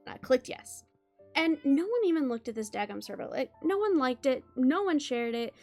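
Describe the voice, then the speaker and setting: A woman co-hosting a podcast, speaking in an animated, emphatic way in candid casual chat. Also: high voice, normal speed, faint music behind. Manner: animated and emphatic, laughs easily. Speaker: podcast co-host.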